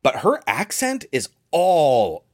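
A man's voice: fairly high pitch, huge pitch swings, slow. A man co-hosting a casual podcast, explaining a film's plot in a rambling way with many fillers. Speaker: podcast co-host. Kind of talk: casual movie-recap chat.

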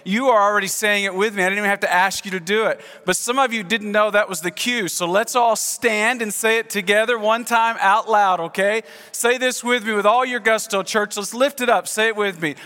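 High, bright-voiced pastor in a reverberant hall. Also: male voice, a little fast, few pauses, clear, resonant tone. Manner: expressive, swings from hushed prayer to lively storytelling. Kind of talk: sermon. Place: large church sanctuary.

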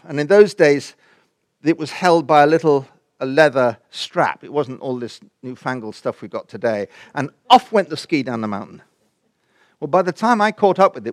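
An older man, preaching and telling his own story of faith as an animated storyteller who acts out dialogue and sometimes drops almost to a whisper. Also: on the high side, no room sound, studio quality. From England. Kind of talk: personal testimony in a sermon.

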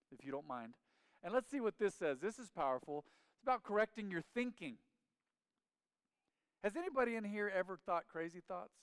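Animated preacher man, crisp clear voice. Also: a little high, no echo. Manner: animated preacher, calls for congregation responses. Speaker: pastor. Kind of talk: sermon. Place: church sanctuary.

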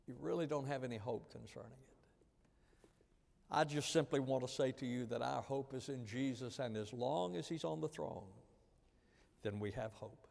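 A man preaching a sermon, earnest and repetitive, swinging from loud emphasis to hushed lines. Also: mid-range voice, vocal fry. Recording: long reverb of a large hall.

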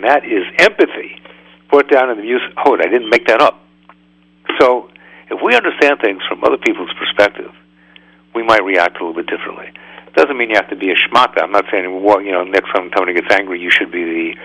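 Gravelly man giving a spirited radio lesson. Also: fairly low pitch, brisk, no echo, low-quality recording. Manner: animated, full of rhetorical questions. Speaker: radio host teaching a religious lesson. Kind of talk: conversational religious teaching.

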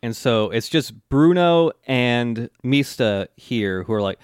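A man's voice: mid-range voice, expressive, takes it slowly, clear, resonant tone, no echo, studio quality. A man co-hosting a podcast, recapping an anime in casual chat, swearing freely and acting out characters' lines. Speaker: podcast co-host.

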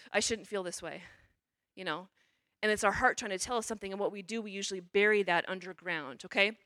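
A woman's voice: medium pitch, pushed and bright, no echo. A woman, a religious sister, giving a conversational sermon at a parish mission, often checking in with "okay?" and "you know.".

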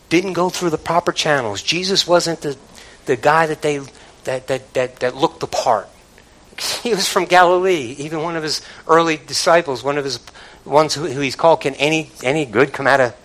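A man preaching a sermon to a congregation, with call-and-response asides, starting low and building to loud exclamations. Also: normal speed, poor audio. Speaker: pastor.

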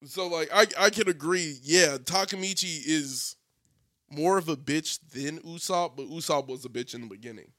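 A man in a casual anime debate, animated and laughing, acting out characters' lines as he argues. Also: fairly high pitch, moderate pace.

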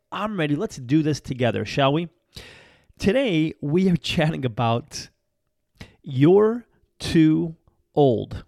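A man from Massachusetts hosting a short daily motivational show, talking in an energetic, chatty way, often laughing and repeating phrases for emphasis. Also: medium pitch, no echo, studio quality. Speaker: podcast host. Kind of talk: motivational talk show monologue.

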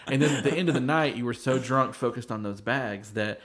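A man's voice: mid-range voice, fairly quick, fairly bright tone. A man co-hosting a podcast, telling work stories in a laid-back way with plenty of swearing and acted-out quotes. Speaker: podcast co-host. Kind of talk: casual chat.

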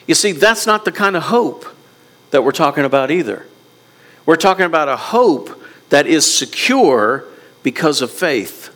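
Bright high-voiced male pastor preaching. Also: expressive, moderate pace. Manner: emphatic, repeats words, asks the congregation questions. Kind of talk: sermon.

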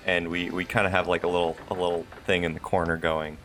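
Tabletop player, male, deep voice, bright edge, rambling and profane. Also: little pitch movement, fast, faint music behind. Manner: rambling, self-amused, swears freely. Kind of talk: casual tabletop role-play.

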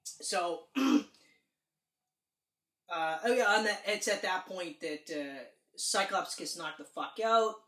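Casual male podcast co-host, animated and profane, recorded in an echoey room. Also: high-pitched, takes it slowly. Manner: animated, swearing, excited retelling. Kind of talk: casual movie chat.

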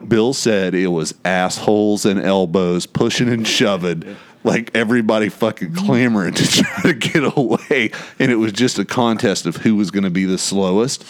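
A man with a very low voice tells a story among friends, loose and profane. He piles on asides and leans into the big moments. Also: moderate pace. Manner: animated, profane anecdote telling. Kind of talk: casual storytelling chat.

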